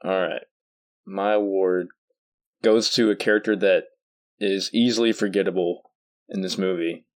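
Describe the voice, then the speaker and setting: Laid-back low-voiced podcast co-host. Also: male voice, fairly even intonation, normal speed, pauses often. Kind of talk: casual movie review chat.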